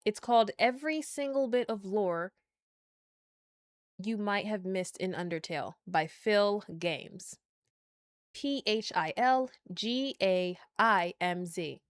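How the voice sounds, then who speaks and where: A woman gaming streamer talking casually and excitably with her live chat. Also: mid-range voice, takes it slowly, clear, resonant tone, dry recording. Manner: excitable, chatty, talks to chat.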